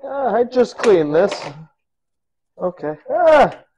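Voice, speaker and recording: A man with a slightly high voice talks his way through a home cooking video. He is goofy and rambling, laughing at his own jokes. He sounds like he is in his own kitchen. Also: measured pace, background noise. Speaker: cooking vlogger. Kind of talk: casual cooking vlog.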